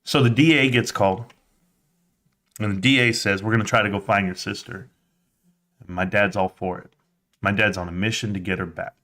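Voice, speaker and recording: A man hosting a livestream, telling a personal story in a casual, animated way, jumping into a higher voice to act out quotes. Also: moderate pace, long pauses. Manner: animated, acts out quotes in a high voice; conversational, with fillers and restarts. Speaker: livestream host.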